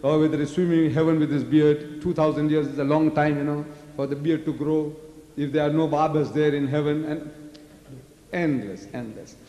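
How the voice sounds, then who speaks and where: An older man from South Africa lectures a large audience, pressing them with rhetorical questions. His voice sits fairly high but sounds mellow and dark. The sound is roomy, with a long hall reverb. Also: fairly even intonation, normal speed, muffled recording. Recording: echoey hall.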